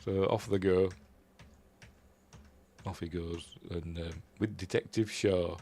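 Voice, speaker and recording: Speaking slowly in a low, steady, warm voice, a Yorkshireman reviews a horror movie in a relaxed, meandering way. He chuckles as he goes and lifts his voice whenever he quotes the characters.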